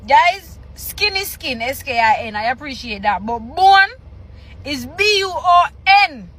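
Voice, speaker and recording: A woman's voice: high voice, expressive, a little slow, fairly bright tone, rough recording. A Jamaican woman chatting casually in a reaction video, reading aloud with exasperated, teasing remarks.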